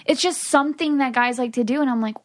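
A woman's voice: high voice, quick pace. A woman co-hosting a casual chat, telling stories in a chatty way full of "like". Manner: chatty, storytelling with many "like"s. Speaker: co-host.

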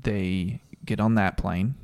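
A man's voice: fairly low pitch, steady tone, slow pace, a little mellow, smooth. A man co-hosting a podcast, chatting casually and telling a story with frequent laughs. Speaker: podcast co-host. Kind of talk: casual sports chat.

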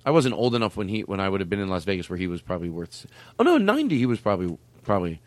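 A man's voice: low voice, big pitch swings, very fast, no room sound. A man hosting a comedy podcast in casual chat, rambling and laughing, with mock outbursts and swearing. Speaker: podcast host.

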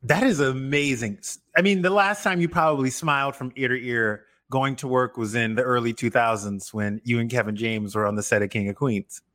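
A man's voice: mid-range voice, steady tone, fairly quick, hardly any pauses, a bit bright. A man hosting a casual chat, teasing and joking with his guest. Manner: playful, teasing. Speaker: talk show host.

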